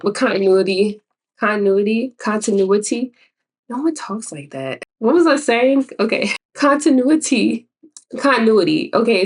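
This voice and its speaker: Chicago woman, lower-pitched, chatty artist giving vendor tips to camera, loose and rambling. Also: recorded from a distance. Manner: chatty, rambling, self-interrupting with laughs. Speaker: artist and graphic designer. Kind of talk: casual tips vlog.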